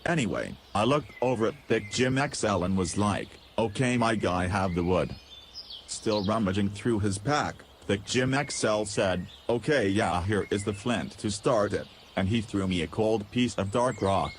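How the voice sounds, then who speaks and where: Goofy deadpan man telling a silly story. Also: lowish voice, measured pace, slight background noise. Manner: goofy, deadpan, absurd humor with silly voices. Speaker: podcast storyteller. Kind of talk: comic first-person story narration.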